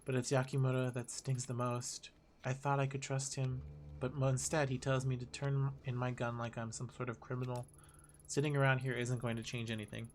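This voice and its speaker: A man voicing a weary, bitter woman detective thinking to herself in a quiet, brooding game monologue. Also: flat delivery, fairly quick, slight background noise, close to an everyday voice. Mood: resolved. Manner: quiet, brooding, low-key.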